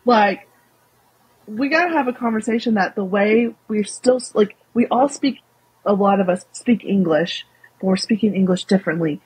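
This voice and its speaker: A woman's voice: mid-range voice, normal speed, husky, rough recording. A young woman with a Southern US accent, a guest speaking candidly and animatedly in a casual interview. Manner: candid, animated, many fillers.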